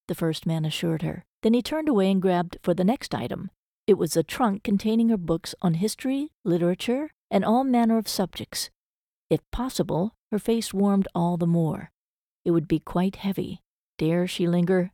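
An audiobook is read by a woman with a lowish voice, her storytelling measured and even. It's studio quality with no echo.

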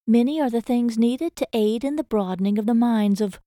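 A woman doing prim schoolteacher Ada, high and proper. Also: a little fast, mellow, no echo, clean studio sound, lightly acted. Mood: indignant. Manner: formal, genteel speech.

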